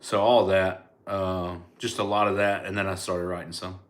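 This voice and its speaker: A Southern US comedian chats live with his fans, answering their comments in a laid-back, rambling way. His voice is low and his delivery flat, at a normal speed.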